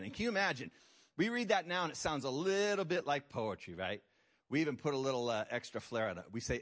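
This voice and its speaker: A man preaching a sermon to his congregation. He swings between quiet, serious asides and loud, high, mocking voices for effect. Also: expressive, fast. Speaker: pastor.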